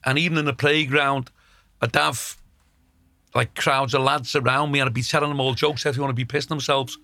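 A man's voice: medium pitch, steady tone, brisk, pushed and bright, dry recording. A middle-aged male comedian, telling blunt, sweary stories in casual chat. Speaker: comedian, podcast co-host.

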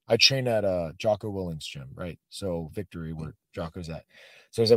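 A man with a lowish voice tells personal stories in an animated, heartfelt way, calling his listener "bro" and "man". The sound is dry and close. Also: quick pace, dry recording. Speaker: podcast guest. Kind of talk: casual storytelling.

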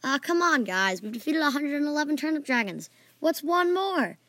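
Storybook role: woman voicing a loud, jumpy boy hero, high and bright. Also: very animated, moderate pace, no echo. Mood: cocky. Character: excitable boy adventurer, loud and easily panicked. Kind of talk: storybook character voice.

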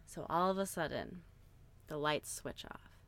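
A young woman co-hosting a podcast, casually retelling a horror film's plot in an animated way, with lots of "like" and the odd swear word. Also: deep voice, a little slow. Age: young adult. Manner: animated storyteller, frequent "like", swearing. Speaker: podcast co-host.

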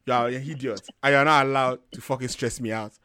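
A man's voice: mid-range voice, fast talker, clear, resonant tone, no echo, clean studio sound. A young man hosting a talk show, ranting bluntly and profanely in casual chat. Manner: blunt, profane, animated storytelling. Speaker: podcast host. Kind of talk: heated casual rant.

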